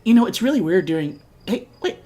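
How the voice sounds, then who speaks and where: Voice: mid-range voice, sing-song, brisk, mellow. A let's-play host giving casual, rambling gameplay commentary, chatty and self-deprecating.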